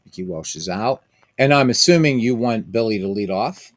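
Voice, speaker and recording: A man's voice: lowish voice, lively intonation, moderate pace, no echo. A man hosting a stream of a baseball simulation game, chatting casually with viewers in a rambling way full of fillers and restarts.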